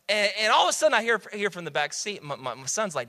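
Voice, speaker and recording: Bright-voiced, high-pitched male preacher. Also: long reverb tail. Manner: animated storyteller, quick restarts, builds to emphatic shouts. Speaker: pastor. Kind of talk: sermon.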